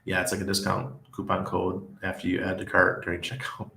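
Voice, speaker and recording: The deep, forceful voice of a livestream host living in Panama comes out fairly quick, bright, and completely flat, with vocal fry. He chats loosely and reads viewer comments, rambling with frequent restarts and laughs. The room is echoey.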